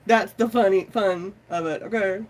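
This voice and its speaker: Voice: mid-range voice, moderate pace. A tarot reader hosting a live stream, chatting casually, rambling from topic to topic, swearing freely and greeting viewers by name. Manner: chatty and informal, says y'all often. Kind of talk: casual live-stream chat and pep talk.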